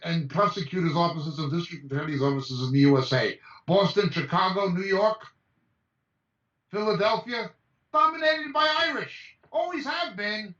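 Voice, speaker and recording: A man speaks as a Bible teacher in an emphatic, high-pitched voice and reels off names in quick lists. He sounds far from the mic on a video call. The audio is dull and roomy. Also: fairly bright tone. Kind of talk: impassioned message over a video call.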